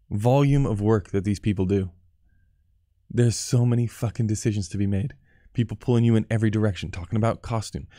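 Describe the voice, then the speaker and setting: A man's voice: on the low side, warm tone, no echo, clean studio sound. A man in his thirties, a cinematographer, talking candidly and profanely on a live stream, answering chat questions and picking apart his own work. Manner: candid, profane, self-critical. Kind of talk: casual live-stream talk.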